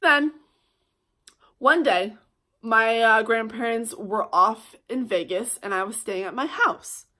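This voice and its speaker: A young woman vlogger telling a heated personal story, swearing often and swinging between loud outbursts and hushed asides. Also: fairly high pitch, slow pace. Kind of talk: storytime vlog.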